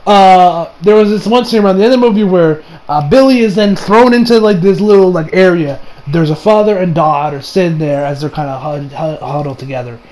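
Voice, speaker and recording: A young man with a notably high voice talks through a movie review in a loose, rambling way. He gets excitable, swears freely, and jumps into squeaky mock voices when he quotes people. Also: a little fast, few pauses. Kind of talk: casual spoken movie review.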